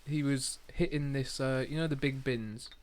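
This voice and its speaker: A man's voice: medium pitch, steady tone, moderate pace, a little hiss or hum. A man co-hosting a casual chat, telling rambling anecdotes full of fillers. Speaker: podcast co-host.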